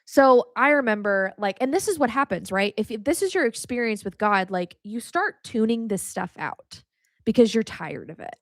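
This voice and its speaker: A woman's voice: fairly high pitch, expressive, normal speed, dry recording, studio quality. A woman hosting a podcast with a casual faith teaching, talking candidly and straight to the listener, swearing freely and speaking with emotion. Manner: talks straight to the listener, calls them honey. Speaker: podcast host.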